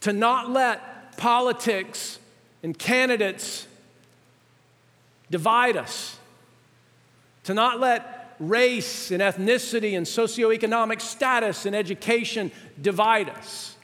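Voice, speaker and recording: A man's voice: sits high, slow. A man, out of breath as he presses his points to the congregation. His words ring out with a long reverb from the church hall. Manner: preaching with rising intensity, addresses ladies and gentlemen. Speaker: pastor. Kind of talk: sermon.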